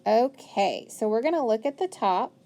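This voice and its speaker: A woman's voice: fairly high pitch, expressive, moderate pace, warm tone. A woman teaching a phonics lesson, patiently sounding words out and praising often. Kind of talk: phonics lesson, working through a worksheet.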